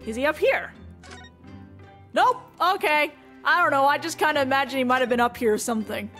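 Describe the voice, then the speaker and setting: A woman's voice: high-pitched, lively intonation, a little fast, pushed and bright, soft background music. A woman streaming a story game, chatting casually and joking about herself. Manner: chatty, self-deprecating. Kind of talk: casual let's-play commentary.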